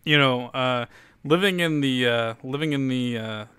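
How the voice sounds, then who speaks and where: A man's voice: mid-range voice, a little slow, bright, forceful tone, clean tone, no room sound. A young man from Louisiana casually telling a long story on a podcast, with lots of fillers and cursing. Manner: rambling, profane, laid-back storyteller with many fillers. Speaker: podcast host.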